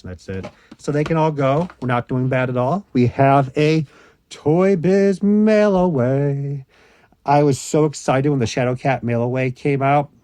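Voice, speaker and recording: A man's voice: mid-range voice, darkish tone, no room sound, clean studio sound. A man chatting casually through a toy-unboxing vlog, full of joking asides and the odd sound effect. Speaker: toy collector unboxing his collection.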